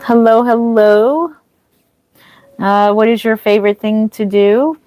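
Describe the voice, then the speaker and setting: A woman's voice: mid-range voice, little pitch movement, moderate pace, a little mellow, no room sound. A woman streaming live as a reborn doll artist, chatting casually, greeting viewers and answering their comments with frequent ums and restarts.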